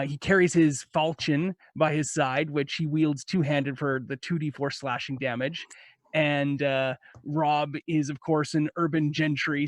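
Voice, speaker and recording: Man, tabletop player, eager and rambling, video call, higher voice, dry sound. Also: dry recording. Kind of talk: casual chat about a game character. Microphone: headphones on a video call.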